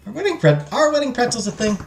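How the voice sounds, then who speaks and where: A man's voice: very high-pitched, very animated, fast talker. A young man joking around as he plays a story game and reads its text aloud. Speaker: gaming streamer. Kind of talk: let's play commentary. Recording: echoey room, faint music.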